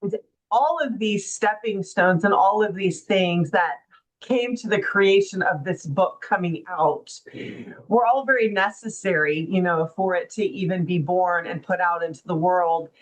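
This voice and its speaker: A woman's voice: fairly low pitch, a little slow, poor audio. A middle-aged woman, a guest author, telling her story in a heartfelt, reflective way, with many "you know" and "right?" asides. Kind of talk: casual interview storytelling.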